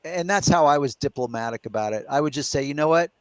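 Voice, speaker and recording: A man's voice: medium pitch, expressive, fast talker, dry recording. A middle-aged man hosting a casual live question-and-answer chat, explaining his points step by step and reasoning aloud. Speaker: podcast host.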